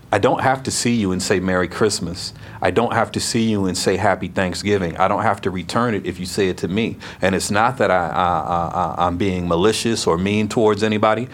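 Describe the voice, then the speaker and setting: Blunt, emphatic low-voiced man. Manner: blunt, emphatic, repeats himself when making a point. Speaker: round-table participant. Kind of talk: candid group discussion.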